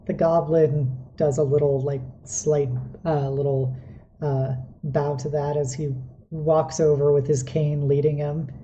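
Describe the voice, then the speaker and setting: A woman running a tabletop game as game master, narrating in a relaxed, rambling, hesitant way. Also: deep voice, dull audio.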